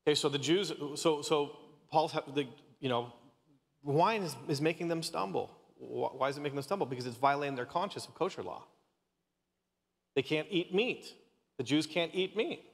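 In a church sanctuary, a Canadian man in his thirties preaches a casual, joking sermon as the pastor, often stumbling and restarting his sentences. His voice is on the high side and gravelly, at a moderate pace, with a long reverb tail.

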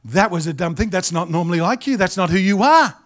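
A middle-aged Australian pastor preaches a sermon in a high voice at a quick pace. He's animated and jokey, acting out little asides along the way.

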